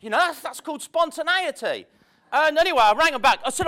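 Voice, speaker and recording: Extremely high in pitch, quick and sharp-toned, this animated male motivational speaker pokes fun at himself in a chatty talk. He's addressing an audience in a seminar room, telling stories off the cuff as people laugh in the background.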